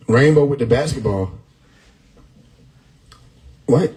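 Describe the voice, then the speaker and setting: Animated, laughing livestream man. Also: mid-range voice, takes it slowly, long pauses, poor audio. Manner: loud, laughing, profane, animated riffing on chat comments. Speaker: livestream host reading chat. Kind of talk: casual livestream chat. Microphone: phone or desktop mic on a live stream.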